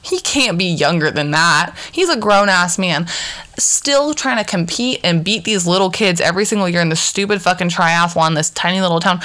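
A woman's voice: fairly low pitch, expressive, normal speed, fairly bright tone. A young woman hosting a podcast alone, chatting casually in a rambling, profane way with many fillers and restarts. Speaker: podcast co-host. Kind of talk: casual solo podcast chat.

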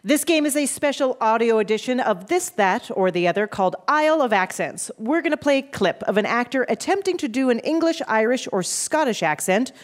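A woman's voice: on the high side, lively intonation, fairly quick, hardly any pauses. Playful woman quiz host. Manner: playful, joking. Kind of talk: hosting a quiz game.

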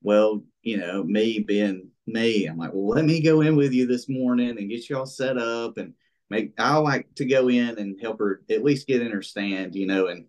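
A man tells a story in a relaxed podcast chat. He rambles, full of fillers and restarts, and acts out what people said to each other. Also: fairly low pitch, normal speed. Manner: rambling and animated, many fillers, acts out quoted speech. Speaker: interview guest, bow hunter. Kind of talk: casual storytelling in a podcast interview.

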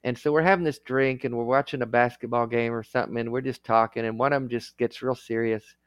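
Candid man with a smooth, dry voice. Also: mid-range voice, fairly even intonation, fast, no room sound. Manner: earnest and emotional, often laughing through his words. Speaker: interview guest, former clergyman. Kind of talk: candid conversational interview.

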